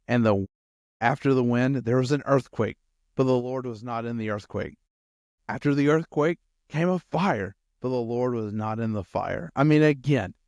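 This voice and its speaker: A male campus pastor giving a lively sermon who acts out quotes and addresses his listeners directly. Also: medium pitch, dry recording, studio quality.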